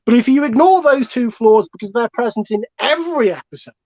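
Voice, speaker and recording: A man's voice: very high voice, expressive, brisk, darkish tone, no room sound. A man, a comedian on a comic podcast, arguing his case in a rambling, digressive way with plenty of swearing. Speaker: comedian panelist. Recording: dull lo-fi dry sound.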